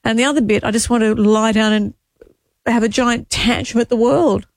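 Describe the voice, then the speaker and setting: An Australian woman in her sixties co-hosting a radio show, talking haltingly and candidly through her grief. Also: a little high, fairly even intonation, gravelly, no echo, clean studio sound. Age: 60s. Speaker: radio co-host. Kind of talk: emotional on-air chat.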